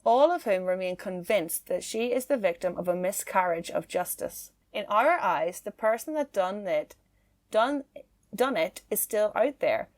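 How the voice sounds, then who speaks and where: A woman hosting a casual true-crime podcast, chatty and quick to laugh. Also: mid-range voice, animated. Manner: chatty, laughs easily, filler-heavy. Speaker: podcast host.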